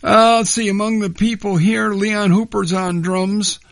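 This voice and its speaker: A man hosting a record show on the radio, talking through the musicians in a relaxed, conversational way with small hesitations. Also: high-pitched, measured pace, gravelly, no echo. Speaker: radio host. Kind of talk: unscripted record-show patter.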